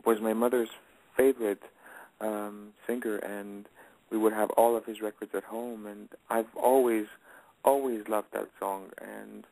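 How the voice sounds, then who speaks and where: A man's voice: fairly low pitch, steady tone, measured pace, creaky, dark tone, no echo, poor audio. A man in his late twenties, a guest singer in a casual radio interview, talking hesitantly with many fillers and restarts.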